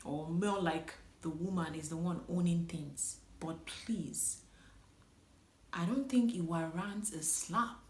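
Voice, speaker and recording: A woman's voice: on the low side, measured pace, few pauses, a little hiss or hum. A woman from Nigeria giving a casual, candid spoken movie review, chatting directly to viewers and laughing often. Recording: echoey room.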